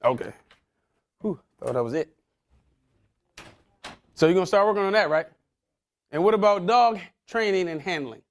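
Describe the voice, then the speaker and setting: Lively high-voiced male motivational speaker. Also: moderate pace, pauses often. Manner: animated, quizzing the audience with casual slang. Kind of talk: interactive talk to a young audience.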